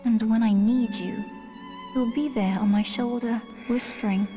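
A woman voicing a calm young woman speaking to her father in a video game, solemn and measured. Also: a little high, lightly acted. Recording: game audio with reverb and score. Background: game music.

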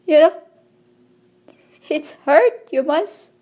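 A woman delivering a rambling spiritual monologue in halting, broken phrases, pleading with her listeners. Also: high-pitched, lively intonation, dark tone. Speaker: self-proclaimed spiritual messenger.

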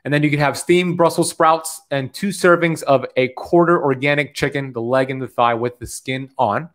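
A man's voice: medium pitch, steady tone, normal speed, fairly bright tone. A man in his thirties coaching on the keto diet, talking to camera in an upbeat, preachy way, often checking in with "okay?". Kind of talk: motivational talk to camera.

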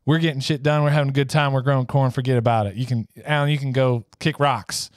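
A man's voice: mid-range voice, fairly even intonation, quick pace, no echo, studio quality, lightly acted. A man voicing a stubborn young corn farmer, brash and dismissive. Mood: defiant.

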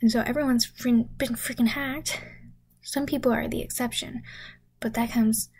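A young woman with a fairly high, airy, slightly husky voice tells a comedy story in a half-whisper. Her delivery is deadpan and rambling, and she swears constantly. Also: moderate pace. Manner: deadpan rambling, many swear words and 'freaking'. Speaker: content creator.

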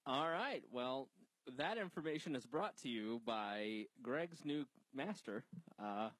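A man's voice: mid-range voice, lively intonation, slow pace, a bit bright, no room sound, low-quality recording. A man in his thirties hosting a podcast, teasing his co-hosts in casual banter. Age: 30s. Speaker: podcast host. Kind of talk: casual chat.

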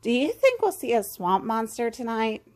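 A woman's voice: fairly high pitch, very animated, moderate pace, a little mellow. A woman voicing a timid male goose in a superhero cape, speaking nervously. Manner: nervous, anxious.

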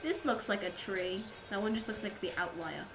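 A woman's voice: medium pitch, moderate pace, music in the background, rough recording. An Australian woman with a stuffed-up nose from a cold, chatting playfully with her viewers during a live gaming stream. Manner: chatty, playful, talks to chat while playing. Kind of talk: casual live-stream chat while gaming.

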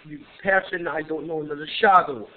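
A young man talks his way through a horror game, jumpy and swearing as he plays. His voice sits fairly high. The tinny, phone-like mic carries a clear steady hiss. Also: unhurried. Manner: jittery, swearing, panicky. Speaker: gamer playing a horror game.

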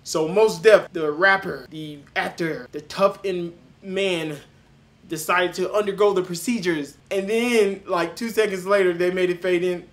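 A young man doing loud, mocking reaction commentary, cursing and breaking into shouting laughs. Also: sits high, slight background noise. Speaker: reaction video host.

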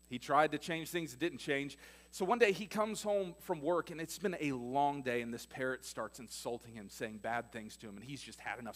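A storytelling male pastor. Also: a little high. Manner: storytelling, loudness swinging between emphatic and hushed. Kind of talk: sermon. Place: church.

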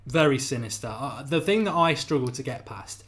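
A man's voice: medium pitch, animated, normal speed, fairly bright tone. A middle-aged man hosting a live podcast debate, talking animatedly and repeating phrases for emphasis while reading out viewer comments. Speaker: podcast host.

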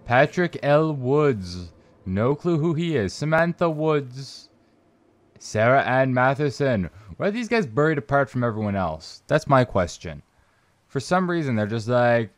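A man's voice: medium pitch, big pitch swings, a little slow, no echo. Joking man narrating a horror game. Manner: joking, rambling, mock voices for characters. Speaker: gaming channel host. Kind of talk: let's play commentary.

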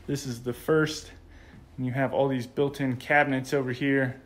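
A man's voice: medium pitch, flat delivery, normal speed. An American man with a casual, enthusiastic manner, narrating a walkthrough of a model home as he films it. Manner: enthusiastic, gushing. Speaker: home tour vlogger.

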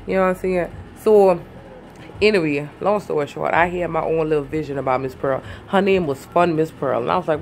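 A woman's voice: low voice, fast, a little hiss or hum. Woman vlogger with hiccups; loose, rambling, chatty delivery. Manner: chatty, rambling, calls viewers "baby". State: has the hiccups. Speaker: YouTuber. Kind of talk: casual vlog chat.

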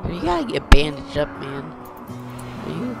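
A gaming channel host giving excitable let's-play commentary, talking to the game characters and shouting when things go wrong. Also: medium pitch, normal speed, gravelly, loud music behind the voice.

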